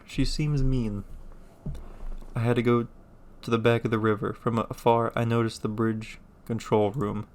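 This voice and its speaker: A man playing a game, reading its text aloud with deadpan, joking asides. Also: on the low side. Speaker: gamer.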